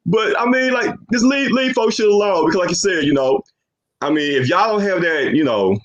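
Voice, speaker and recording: A man's voice: high-pitched, expressive, a little fast, dull audio. A young man hosting a podcast, talking in a loose, rambling way and filling his sentences with "you know what I'm saying". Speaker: podcast host. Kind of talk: casual chat.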